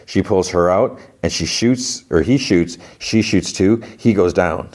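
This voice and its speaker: Deep-voiced man rambling through a recap. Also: measured pace, darkish tone. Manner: rambling, filler-heavy retelling. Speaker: podcast host. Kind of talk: casual episode recap.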